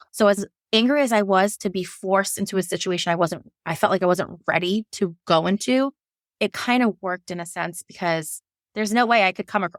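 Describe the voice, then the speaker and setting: In a lowish voice, a woman who works as a labor and delivery nurse tells a candid personal story full of emotion and frequent restarts, switching to animated voices whenever she quotes herself. The studio-quality recording has no room sound.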